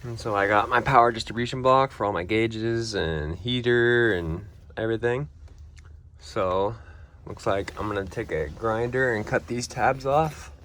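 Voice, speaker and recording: A man's voice: on the low side, a little slow, a bit bright, slight background noise. A young man talking casually through a car build in a workshop, laid-back and chatty with car slang. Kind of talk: casual build vlog narration.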